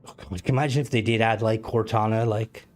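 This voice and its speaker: A man's voice: fairly low pitch, steady tone, fast, soft background music. A man streaming and chatting casually, rambling with lots of fillers, restarts and swearing. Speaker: game streamer. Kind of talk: casual live-stream chat.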